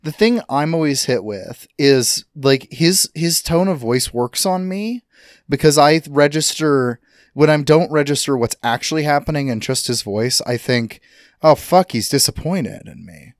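A man co-hosting a casual podcast chat, talking in a rambling, halting way with many fillers. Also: fairly high pitch, no room sound, clean studio sound. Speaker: podcast co-host.

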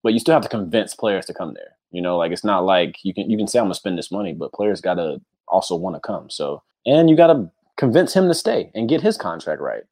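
A man co-hosting a casual sports podcast in a relaxed, rambling way. His voice is very low, and he keeps working in easy fillers as he thinks aloud. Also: brisk, few pauses. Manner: easygoing, rambling, many fillers like "you know". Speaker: podcast co-host.

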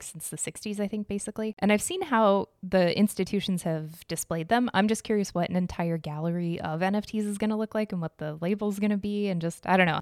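A woman's voice: lowish voice, clean tone, dry recording, studio quality. Chatty young woman hosting a podcast. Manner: chatty, enthusiastic, giggly, with asides and self-corrections. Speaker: podcast host. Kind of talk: casual solo podcast commentary.

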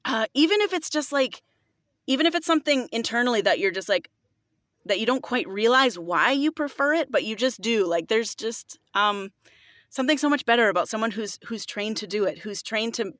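A woman's voice: on the high side, lively intonation, brisk, a bit bright, no echo, clean studio sound. A woman who works as a voiceover artist, talking earnestly in a casual interview and often saying "like". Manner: earnest, fillers like "like".

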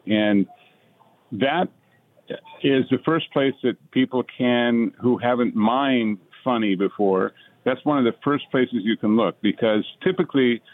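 Wry actor guest on a phone line. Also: male voice, medium pitch, a little slow. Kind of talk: casual podcast chat.

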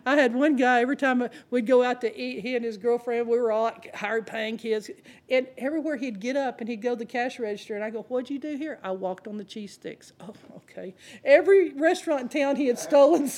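A woman with a high, brisk, slightly mellow voice preaches a sermon. She speaks directly to the congregation in a conversational, humorous storytelling style.

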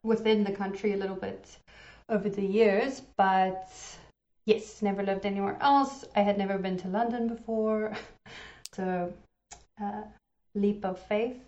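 A woman's voice: mid-range voice, steady tone, measured pace, a little mellow. A young woman with a South African accent talks in an easygoing, chatty way and laughs easily as a podcast guest. Her voice sits in a roomy space with a slightly dull, muffled sound. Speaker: podcast guest, game producer. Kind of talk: casual chat.

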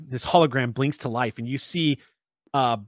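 A man's voice: mid-range voice, moderate pace, slight background noise. A man narrating a tabletop game as game master, in a descriptive, loose way.

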